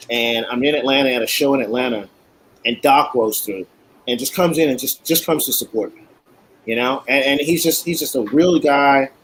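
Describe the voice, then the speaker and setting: A man's voice: mid-range voice, a little hiss or hum, poor audio. A man who makes cigars, a guest telling stories in casual talk and acting out what others said. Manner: animated, acts out quotes. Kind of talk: casual storytelling.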